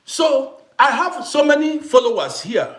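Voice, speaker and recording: Casting: middle-aged man from Africa, live-stream host, high voice that rises and falls a lot as he stresses each point. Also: measured pace, reverberant. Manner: animated, emphatic, repeats himself, greets viewers by name. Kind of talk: casual live-stream talk to viewers. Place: home in Vienna.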